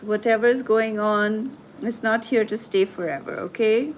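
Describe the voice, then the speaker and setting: A woman hosting a live tarot and coaching stream, talking gently and reassuringly to her viewers as she reads their comments. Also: fairly high pitch, slight background noise, low-quality recording. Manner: soothing, reassuring, slow and gentle.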